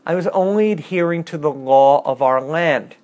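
A man's voice: a little high, moderate pace, darkish tone. A man teaching a casual bible class, reading scripture aloud and adding wry, chatty asides.

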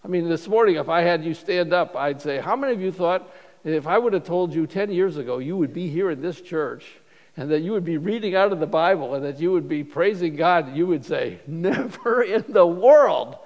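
A man's voice: fairly high pitch, brisk, dull audio. A man preaching a sermon in a church, talking in a conversational way and often restarting his phrases. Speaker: pastor. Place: church sanctuary. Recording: long reverb of a church hall.

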